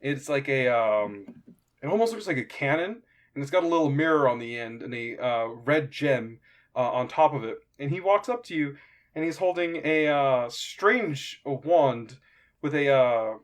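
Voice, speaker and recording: A young man narrating a tabletop game as game master, halting and stopping often to find his words. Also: mid-range voice, expressive. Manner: halting, lots of fillers and restarts.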